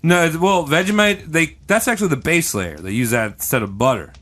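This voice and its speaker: A man's voice: on the high side, a little fast. A man co-hosting a comedy podcast, telling an improvised, rambling story in a playful way. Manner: rambling, animated, playful with silly voices. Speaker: podcast co-host.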